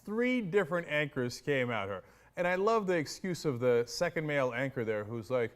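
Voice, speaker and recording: A man giving animated, sarcastic political commentary and mocking the people he discusses. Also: fairly high pitch, moderate pace. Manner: mimics others in exaggerated voices.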